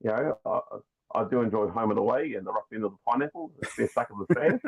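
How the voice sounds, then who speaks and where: A man's voice: lowish voice, lively intonation, fast talker, breathy edge. A man with a New Zealand accent, chatting casually and rambling as a podcast guest over a video call. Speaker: guest toy customizer. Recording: tinny phone-like call line.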